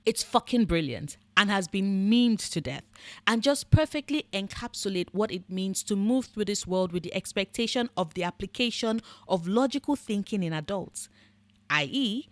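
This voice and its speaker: A woman's voice: medium pitch, lively intonation, moderate pace, no room sound. A woman giving scripted commentary in a blunt, sarcastic, profane manner. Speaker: book and fandom commentator.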